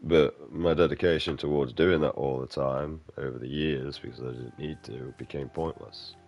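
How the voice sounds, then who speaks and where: A man's voice: a bass voice, steady tone, normal speed, creaky, darkish tone. A man giving casual gameplay commentary, ranting bluntly and swearing a lot. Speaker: game streamer.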